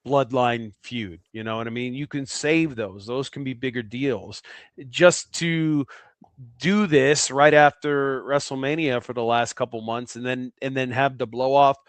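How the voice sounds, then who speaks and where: A man co-hosting a casual sports podcast. He weighs his opinions aloud and often repeats words as he goes. The voice is mid-pitched and recorded dry and close. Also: unhurried, dry recording. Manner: thoughtful, repeats words as he thinks. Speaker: podcast co-host.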